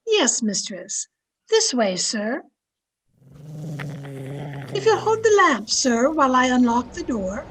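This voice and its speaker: A woman's voice: sits high, very animated, slow pace, long pauses, a bit bright, a little hiss or hum, heavily acted, low-quality recording. A woman playing a loyal, deferential housekeeper who narrates the story in an old-time radio drama. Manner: polite, deferential. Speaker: narrator and servant. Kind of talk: 1930s-style radio drama acting.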